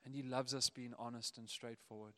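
A man preaching a sermon, animated, acting out the voices of the people in his stories. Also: mid-range voice, fairly quick. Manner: animated, acts out quoted voices. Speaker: pastor.

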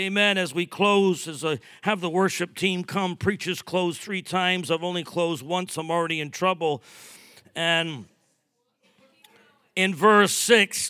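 A man preaching a sermon as a pastor, telling stories with acted-out dialogue in a lively, humorous way. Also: sits high, clear, resonant tone, no echo, clean studio sound. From New York.

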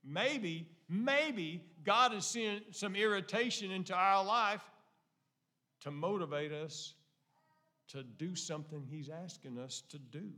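Pastor preaching, bright tense voice a bit high, folksy, goes hushed then loud. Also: male voice, measured pace. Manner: folksy, swings between hushed low lines and loud excited outbursts. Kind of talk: sermon. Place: church sanctuary.

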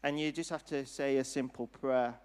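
A man preaching a sermon and altar call in a church hall, speaking in an earnest, gentle, unhurried way. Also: medium pitch, fairly even intonation, smooth. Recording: long hall reverb.

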